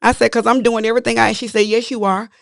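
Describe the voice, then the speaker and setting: A woman's voice: on the high side, fast, gravelly, dry recording, studio quality. A woman co-hosting a podcast, talking candidly and earnestly about her own struggles in casual chat. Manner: earnest, confessional, animated when retelling. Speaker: podcast co-host.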